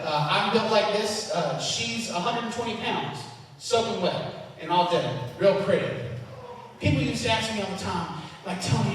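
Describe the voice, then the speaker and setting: Profane stand-up comic, high voice, roomy echo. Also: male voice, distant mic. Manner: loud, profane, self-mocking, with big shouted punchlines. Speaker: stand-up comedian. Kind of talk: stand-up comedy set. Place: comedy club stage.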